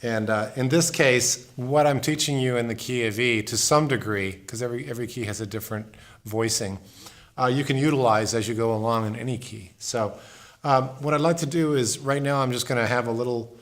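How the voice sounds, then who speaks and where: A man giving a casual guitar lesson, explaining in a relaxed way and repeating words as he demonstrates. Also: medium pitch, brisk. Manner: relaxed, thinks aloud, repeats words while playing. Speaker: guitar teacher. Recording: guitar music in the background. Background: acoustic guitar playing.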